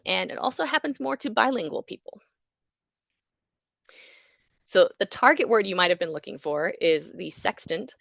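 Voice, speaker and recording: A lively woman lecturing, with a gravelly edge. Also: on the low side, dry recording. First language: English. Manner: lively explanatory, acting out examples. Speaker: psychology lecturer. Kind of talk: university lecture.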